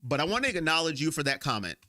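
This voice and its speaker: Man with a sharp, tense voice venting on a fan stream. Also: a little high, very animated, rapid-fire. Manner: emotional, rambling, talks straight to viewers. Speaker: live-stream host. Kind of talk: sports fan live-stream venting and reading chat. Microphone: own microphone.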